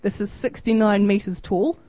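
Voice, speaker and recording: A woman's voice: mid-range voice, moderate pace, warm tone, no echo, low-quality recording. A woman in her thirties with a New Zealand accent, giving an informal, chatty missionary report over photos and acting out little exchanges. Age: 30s. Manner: chatty, self-deprecating, acts out quoted exchanges.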